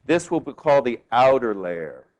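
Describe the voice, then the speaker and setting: A male law professor giving a classroom lecture, lively and quizzing his students with questions. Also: medium pitch, normal speed. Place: law school lecture hall.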